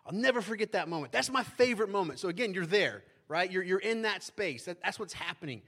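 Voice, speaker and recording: A man preaching a sermon as pastor, talking in a relaxed, conversational way and often checking in with listeners by asking "right?". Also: high voice, fast talker.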